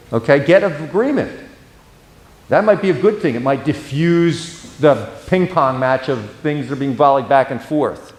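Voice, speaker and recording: A fairly high-voiced man gives a church counseling lecture in a roomy, echoing hall. He talks plainly and keeps checking in with his listeners. When he models a calm tone, his voice drops soft and slow. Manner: conversational, often checks in with "okay?". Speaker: pastor teaching a counseling class. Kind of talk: classroom lecture. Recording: echoey church room.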